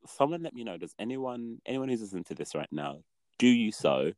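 A man co-hosting a casual podcast, chatty and animated, laughing easily as he talks. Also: medium pitch, brisk, no room sound. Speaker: podcast co-host. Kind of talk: casual chat.

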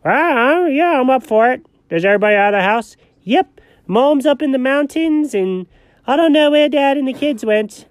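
A man voicing a high, excitable young male pet character who talks eagerly and jumpily. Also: normal speed, no echo.

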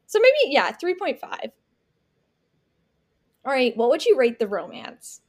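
A woman's voice: sits high, huge pitch swings, measured pace. A woman co-hosting a podcast, chatting casually about a book and filling her talk with "like.". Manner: chatty, many "like" fillers. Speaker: podcast co-host.

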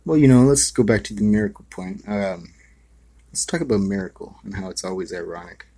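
Solo podcast host, male, lowish husky voice, meandering and profane, dry close sound. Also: brisk, warm tone, no room sound. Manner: loose, profane, meandering with many fillers. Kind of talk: rambling monologue.

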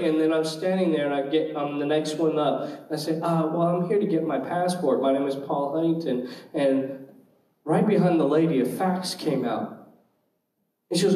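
Male minister, high voice, lively story-teller doing the voices, echoey room, distant mic. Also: normal speed. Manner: animated, acts out quoted voices. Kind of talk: storytelling testimony.

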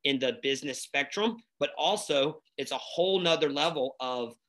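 A man, telling stories in a casual, energetic conversation as a guest, with many fillers. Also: a little high, moderate pace. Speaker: nonprofit founder and guest.

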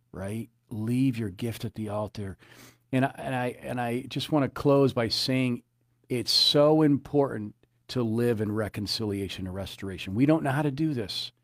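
A man's voice: mid-range voice, dry recording, clean studio sound. A man preaching a sermon as a pastor, earnest, often repeating his phrases and citing scripture.

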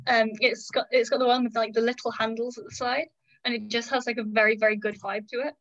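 A woman guest on a podcast talks fast in a slightly high, somewhat bright voice with a flat delivery. The conversation is casual, and she is blunt and opinionated, saying "like" and "um" a lot; the recording sounds dull and lo-fi.

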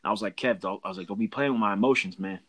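A man in casual conversation, reminiscing in a relaxed way with slang and swearing. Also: lowish voice, very fast. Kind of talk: casual chat.

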